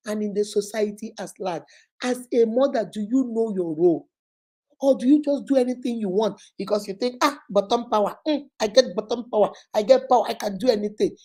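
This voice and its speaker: A woman's voice: on the high side, mellow, poor audio. Nigerian woman giving an emphatic pep talk. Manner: emphatic, repetitive exhortation with storytelling asides. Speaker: schoolteacher giving a motivational talk. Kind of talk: motivational talk to mothers.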